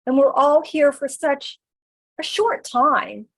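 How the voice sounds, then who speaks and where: Woman minister, sermon, high voice, unhurried emphatic delivery. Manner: slow, emphatic preaching with drawn-out phrases. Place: church sanctuary.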